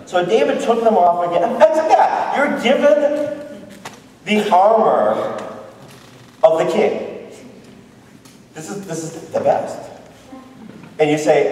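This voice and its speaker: High-voiced preacher in an echoey hall. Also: male voice, lively intonation, slow pace, long pauses, a little mellow, distant mic, slight background noise. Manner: playful, asks the audience questions, laughs. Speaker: missionary preacher. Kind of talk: lively sermon, retelling a Bible story.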